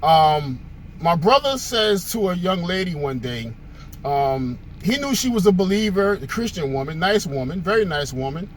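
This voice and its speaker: Lively high-voiced male host. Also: normal speed, a little hiss or hum. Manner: conversational, storytelling, with fillers. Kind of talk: casual monologue commentary.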